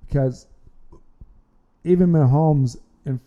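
A man's voice: a little high, slow pace, phone-quality sound. A man hosting an amateur sports podcast, talking casually and rambling, often repeating words and restarting his sentences. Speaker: podcast host.

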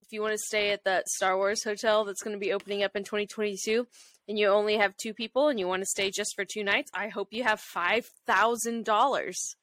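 A woman co-hosting a podcast in animated, self-mocking casual chat. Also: medium pitch, brisk. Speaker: podcast co-host.

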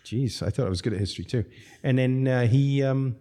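A man's voice: mid-range voice, a little fast, mellow. A man, a restaurant owner, telling rambling stories in a casual chat with lots of laughter. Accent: non-American English. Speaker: restaurateur guest.

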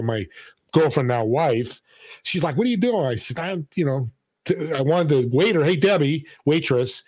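A man telling a story in casual conversation, acting out the people he quotes with a lively delivery. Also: mid-range voice, no echo. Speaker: podcast host and guest.

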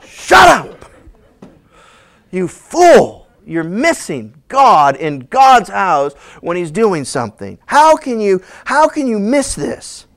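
A man's voice: high-pitched, wildly swooping pitch, slow pace, fairly bright tone, heavily acted. A man voicing a blunt, impatient male angel messenger in a sermon retelling. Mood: scolding. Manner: scolding, emphatic.

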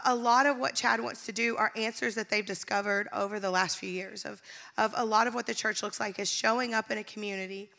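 A woman's voice: fairly high pitch, bright, forceful tone. A woman pastor speaking candidly to her church, emotional and laughing often. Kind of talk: sermon-style church announcement. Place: church stage.

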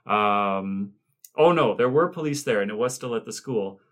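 A man's voice: on the low side, lively intonation, moderate pace, fairly bright tone. A man co-hosting a podcast, recapping scenes in casual chat with rambling asides and many fillers. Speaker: podcast co-host.

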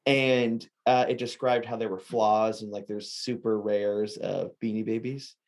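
A man's voice: on the low side, flat delivery, a little slow, darkish tone. A man hosting a casual podcast interview, talking in a rambling way with lots of filler words. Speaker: podcast host.

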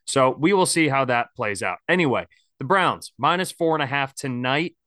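A man's voice: mid-range voice, expressive, normal speed, bright, forceful tone, dry recording, studio quality. A man hosting a casual sports podcast, talking candidly and rambling with lots of fillers. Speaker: podcast host.

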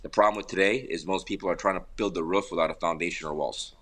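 A man's voice: sits low, fast. A middle-aged man, a podcast guest and father, talking casually over a remote call from home, telling stories with many repeats and restarts. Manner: animated storyteller, repeats words and restarts often. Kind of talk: casual conversational interview. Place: home in an air park community.

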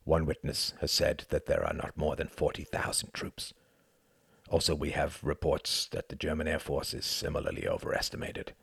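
A man voicing a grave, stern French general in an audiobook, with a rough voice. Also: a bass voice, fairly bright tone, dry recording, clean studio sound, heavily acted. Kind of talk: audiobook character reading.

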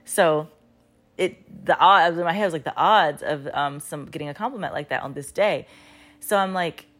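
A fairly low-voiced woman in her thirties tells a story to her viewers. She talks casually and rambles, filling every gap with "like" and starting sentences over. She swears freely. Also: normal speed, a bit bright. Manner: rambling, full of "like" and restarts. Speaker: vlogger.

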